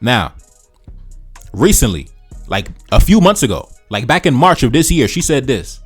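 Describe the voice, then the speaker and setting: A man's voice: mid-range voice, big pitch swings, moderate pace, husky, faint music behind. A man hosting reaction commentary in a preachy, repetitive way, often calling the listener brother. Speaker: commentary channel host.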